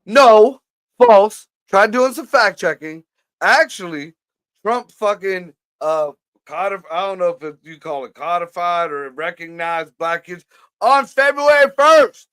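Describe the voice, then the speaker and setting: A man's voice: sits high, expressive, unhurried, fairly bright tone, clean tone, no room sound. A man co-hosting a casual podcast chat, blunt and profane, laughing often. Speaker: podcast co-host.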